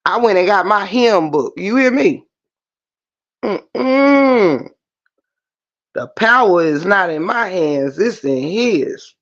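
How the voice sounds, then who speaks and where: A man talks to his livestream viewers in an animated, preachy way. His voice sits high for a man. The stream audio sounds muffled and lo-fi. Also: moderate pace, hardly any pauses. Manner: animated preachy talk, addresses viewers directly. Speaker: livestream host. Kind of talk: casual livestream chat.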